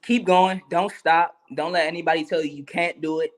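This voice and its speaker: Man, interview guest, earnest, encouraging, slightly high voice. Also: steady tone, brisk. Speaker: guest, musician and actor. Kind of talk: casual interview.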